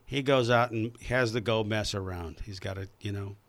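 A man's voice: lowish voice, moderate pace, fairly bright tone. A man hosting a casual talk show, chatty and rambling, with lots of fillers. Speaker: podcast host.

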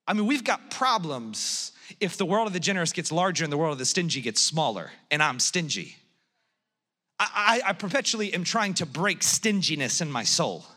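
A man in his thirties preaching with a high, bright voice and an animated storytelling manner, acting out his family's dialogue. His sermon rings with the long reverb of a large church hall. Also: normal speed. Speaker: pastor.

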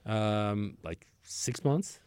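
A man's voice: lowish voice, lively intonation, drawn-out words, a little mellow, clean tone, no echo, clean studio sound. A man in his sixties telling a long work story as an interview guest, rambling, with restarts and acted-out dialogue. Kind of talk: conversational storytelling.

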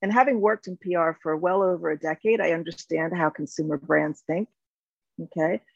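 A woman in her fifties, founder of a company, talking through her story in an interview. She speaks reflectively with many fillers and restarts, her voice carrying a gravelly edge. The recording is dry and a little dull. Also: on the low side, normal speed, no echo. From United States. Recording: dull, slightly lo-fi sound.

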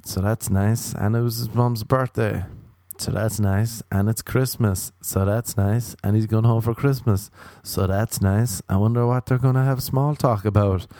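A man doing a stand-up comedy routine, from Ireland, talking in a deadpan way with dry repetition and mocking acted-out quotes. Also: on the low side, unhurried, hardly any pauses, dry recording.

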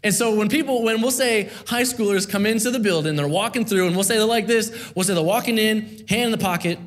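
Male preacher, high voice, earnest sermon delivery with rhythmic repeated phrases. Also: brisk. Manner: earnest, rhythmic repetition with rising emphasis.

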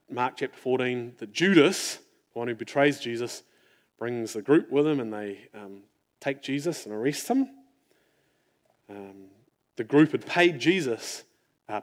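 Man, sermon, earnest, reflective, soft drop-offs, mid-range pitch. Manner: earnest, reflective, often drops to a near-hush. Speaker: preacher.

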